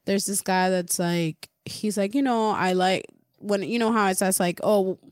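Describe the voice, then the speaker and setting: A woman's voice: mid-range voice, unhurried, no echo. Puerto rican lady cohosting a podcast, laughs a lot, cusses, dry close sound. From Puerto Rico. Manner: laughs often, swears freely, acts out texts in quoted voices. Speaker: podcast co-host. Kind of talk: casual chat.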